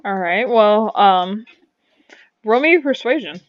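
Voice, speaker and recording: A woman's voice: mid-range voice, animated, slow pace, highs cut off. A woman running a tabletop game as game master, talking in a rambling way with many fillers.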